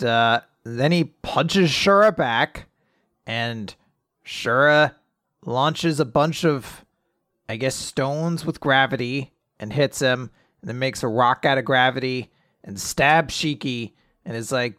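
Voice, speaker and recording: A young man co-hosting a casual podcast, recapping a comic chapter in an animated, joking way and telling corny puns. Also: medium pitch, takes it slowly, dry recording, studio quality. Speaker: podcast co-host. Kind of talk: casual manga recap chat.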